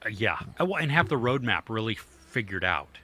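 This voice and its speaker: Bright-voiced man in casual podcast chat. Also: lowish voice, sing-song, normal speed. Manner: rambling, lots of fillers and restarts. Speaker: podcast co-host.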